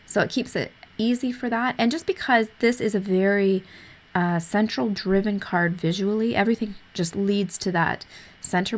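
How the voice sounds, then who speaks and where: A woman narrating a coloring tutorial in an easygoing, explanatory way, a little hoarse as she is losing her voice. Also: medium pitch. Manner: easygoing, explanatory, with frequent fillers. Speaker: art tutorial host.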